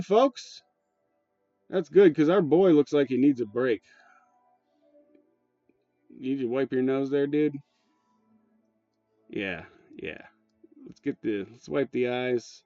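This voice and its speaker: A man's voice: fairly high pitch, animated, slow, long pauses, warm tone, no echo. Rambling, profane man on lo-fi audio. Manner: rambling, profane, with frequent fillers and restarts. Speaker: channel host. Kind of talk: casual rambling commentary. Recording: dull lo-fi sound, dry, faint music.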